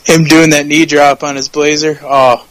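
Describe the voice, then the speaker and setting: Higher-voiced joking man, dry sound. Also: flat delivery, normal speed, fairly bright tone, dry recording, poor audio. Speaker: wrestling show co-host. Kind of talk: casual chat.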